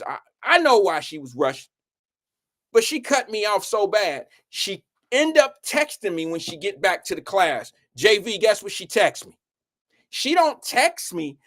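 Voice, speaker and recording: An Ohio show host on a live stream has a high voice and keeps a moderate pace. He's an energetic, foul-mouthed storyteller who rambles in a laid-back, conversational manner.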